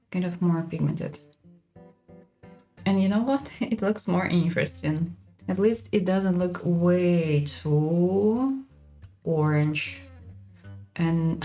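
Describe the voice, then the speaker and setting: A woman giving a frank, unhurried makeup product review as a beauty vlogger. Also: lowish voice, warm tone.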